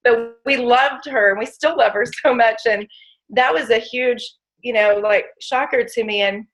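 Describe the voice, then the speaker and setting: A woman's voice: a little high, unhurried, poor audio. A woman giving an emotional, emphatic inspirational testimony, speaking straight to her audience. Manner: emotional, emphatic, addresses audience as "you guys". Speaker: motivational speaker.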